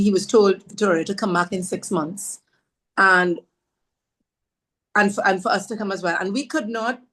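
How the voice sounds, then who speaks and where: A woman from Trinidad, a podcast guest telling a heartfelt personal story, earnest and devout, repeating phrases for emphasis. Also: mid-range voice. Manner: devout, speaks of faith warmly.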